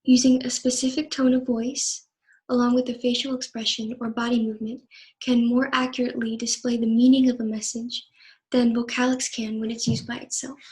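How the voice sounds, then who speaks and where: Young woman, student presenter; reads her class talk evenly, slightly high voice, little melody. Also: level tone, brisk, darkish tone, low-quality recording.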